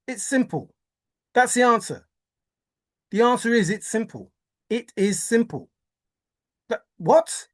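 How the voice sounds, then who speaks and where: A woman talking through a treasure hunt solve in an excited solo monologue, theatrical and exclaiming, with mock despair and lots of repetition. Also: mid-range voice, takes it slowly, pauses often, husky. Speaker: treasure hunt video maker.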